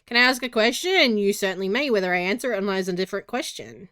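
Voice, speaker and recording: A woman's voice: mid-range voice, very animated, rapid-fire, pushed and bright, clear, resonant tone, no echo, clean studio sound. A giggly, hyper Australian woman rambling in casual live-stream chat as a streamer.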